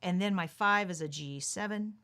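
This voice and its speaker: A woman's voice: lowish voice, moderate pace, bright, forceful tone. A woman teaching a ukulele lesson on a livestream, patiently explaining chords step by step. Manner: calls out chords while strumming. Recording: ukulele playing under the voice.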